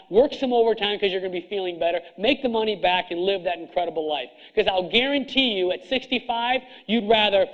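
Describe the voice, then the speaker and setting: A middle-aged man with a high voice lectures a seminar crowd in a blunt, hard-driving way, stacking up rhetorical questions. The recording is dull and lo-fi. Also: fairly bright tone. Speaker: chiropractor coaching other chiropractors. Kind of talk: seminar speech to an audience.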